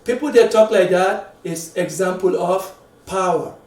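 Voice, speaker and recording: A man giving a sermon, halting and repeating words, dropping to a quiet voice to stress a point. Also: sits high. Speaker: preacher. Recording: echoey room, mic at a distance.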